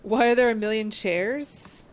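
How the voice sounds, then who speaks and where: A woman streamer giving casual, excitable gameplay commentary and reading on-screen text aloud. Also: on the high side, measured pace, a little hiss or hum.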